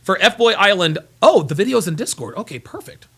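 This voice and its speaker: A tired, yawning man hosts a casual livestream and rambles through viewer messages, repeating his phrases as he goes. His voice is fairly high and bright. His pitch swings freely from one phrase to the next. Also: very animated, a little fast, husky. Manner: rambling, repeats himself, talks while fumbling for files. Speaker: livestream host reading super chats.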